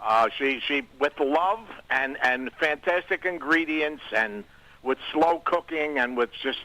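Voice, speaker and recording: A man calling into a radio show, talking in halting bursts and repeating his words. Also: on the high side, pushed and bright, low-quality recording. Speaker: caller. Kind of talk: phone-in chat.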